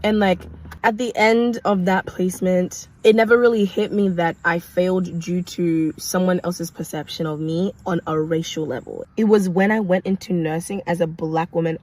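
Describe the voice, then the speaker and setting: A young woman from Kenya, a nurse, telling a personal story to camera in an animated, emphatic way, with repetition and vocal sound effects. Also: lowish voice, rough recording. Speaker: nurse sharing her story.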